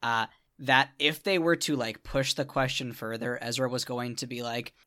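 A man explaining his character's plans in a tabletop game, rambling and filler-heavy. His tone is bright and forward. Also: mid-range voice, steady tone, normal speed. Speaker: player.

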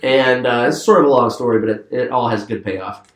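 A man's voice: mid-range voice, a little fast, echoey room, slight background noise. A man casually telling a long story among friends, rambling, repeating words and laughing as he goes.

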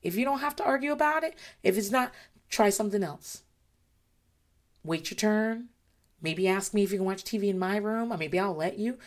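Blunt, swearing mom with a tired voice. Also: female voice, mid-range voice, darkish tone. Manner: blunt, frank, swears freely. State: voice wearing out. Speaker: parent giving advice. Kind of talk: casual chat.

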